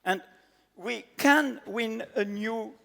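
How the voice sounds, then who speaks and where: A man with a French accent, a native French speaker, giving an earnest, emphatic panel talk in halting English with many fillers. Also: high-pitched, vocal fry, sharp tone. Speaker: panel speaker, editor-in-chief. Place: large conference hall. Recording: echoey conference hall.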